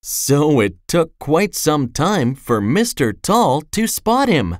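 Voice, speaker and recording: A storyteller reading a children's storybook aloud in a slow, expressive way. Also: medium pitch, no echo, clean studio sound. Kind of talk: scripted storybook narration.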